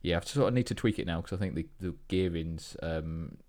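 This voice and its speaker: A British man co-hosting a podcast, telling a story in an animated way and swearing when he gets worked up. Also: low voice, fairly quick. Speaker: podcast co-host. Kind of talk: casual chat.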